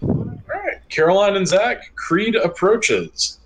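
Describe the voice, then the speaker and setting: A man narrating as game master of a tabletop game, in a relaxed way with many fillers and restarts. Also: sits high, slow, poor audio.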